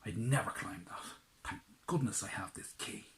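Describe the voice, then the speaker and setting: A man voicing an earnest young prince who cries out in high alarm. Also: moderate pace, fairly bright tone, slight background noise, natural voice. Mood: wondering.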